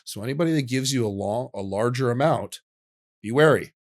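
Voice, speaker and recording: A man's voice: mid-range voice, a little fast. A man in casual podcast conversation, explaining emphatically and using everyday analogies.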